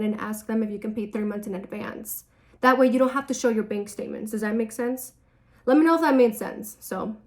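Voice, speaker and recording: Chatty young woman telling candid stories. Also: on the high side. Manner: chatty, candid, swears freely, lots of "like" and "so". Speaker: vlogger answering viewer questions. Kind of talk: casual Q&A storytelling.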